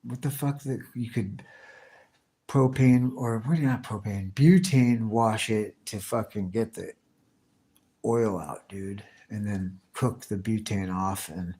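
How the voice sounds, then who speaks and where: A man's voice: on the low side, takes it slowly, dark tone. A man live streaming, chatting casually with his viewers and answering their comments in a rambling, slang-heavy, profane way with many restarts.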